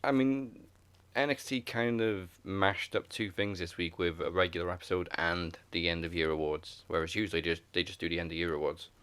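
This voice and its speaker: A man's voice: sits low, steady tone, brisk, fairly bright tone, smooth, dry recording. A man co-hosting a wrestling podcast in an easygoing, offhand way, chuckling often. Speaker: podcast co-host. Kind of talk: casual podcast banter.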